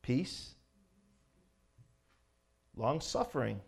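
A man preaching an informal sermon in a conversational way, asking his listeners questions and building to loud, fervent exhortation. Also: mid-range voice, lively intonation, normal speed, long pauses.

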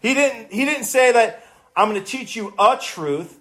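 A man's voice: extremely high pitch, animated, measured pace, a bit bright. A man preaching a sermon, emphatic and impassioned, repeating words for stress and swelling when he quotes scripture. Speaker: pastor.

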